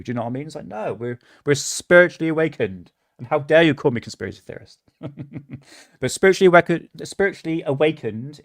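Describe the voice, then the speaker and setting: A man's voice: on the high side, no echo, studio quality. A man with a British accent hosting a casual livestream, rambling, swearing often and laughing at himself. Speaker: livestream host.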